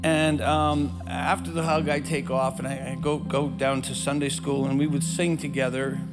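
In a storytelling sermon, an older pastor of German family background wanders through a self-deprecating childhood tale with many restarts. His mid-range voice stays fairly level in pitch at a normal speed, recorded in an echoey church hall with background music.

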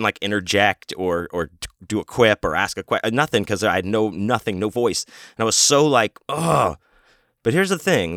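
A man's voice: fairly low pitch, a bit bright, no room sound, clean studio sound. A man hosting his own show, telling a rambling story in a casual, profane, self-interrupting way. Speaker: podcast host and author.

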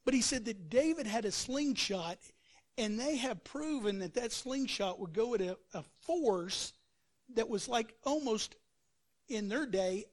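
A male pastor preaching a sermon, telling the story with energy and acting out quotes and sound effects. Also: very high voice.

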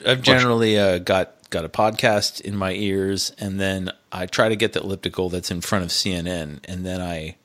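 A middle-aged man co-hosting a casual podcast chat, self-mocking and quick to laugh. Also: deep voice, fairly even intonation, a bit bright. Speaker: podcast co-host.

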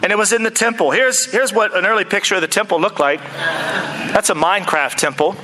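A male preacher delivering a lively sermon in a church, mixing earnest points with joking asides to the congregation. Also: high-pitched, fast talker, very noisy.

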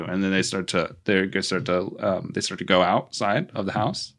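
A man's voice: deep voice, steady tone, normal speed, hardly any pauses, fairly bright tone. A man casually recapping a movie plot on a podcast, rambling with restarts and laughing at his own jokes. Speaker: podcast host.

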